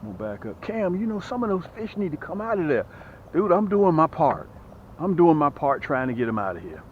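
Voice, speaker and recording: Speaking briskly in a slightly high voice, a fishing channel host vlogs from a small lake boat, addressing viewers directly with excited, chatty commentary. The lo-fi outdoor recording sounds dull, with faint noise.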